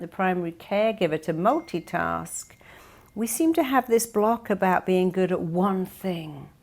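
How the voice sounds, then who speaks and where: Emphatic woman giving a keynote. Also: fairly low pitch. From United Kingdom. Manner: emphatic, acts out quoted people with lively stresses. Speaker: keynote speaker, therapist. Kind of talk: motivational keynote speech. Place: conference stage.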